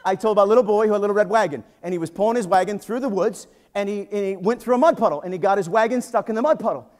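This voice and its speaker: A man in his fifties, a pastor preaching a sermon in a church, telling jokes and stories with lively, animated energy. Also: sits high, rapid-fire. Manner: energetic, joking, animated storytelling. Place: church sanctuary.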